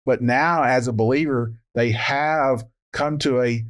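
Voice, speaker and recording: A man co-hosting a Bible study, explaining Greek word meanings in a measured way. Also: medium pitch, steady tone. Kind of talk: verse-by-verse Bible study discussion.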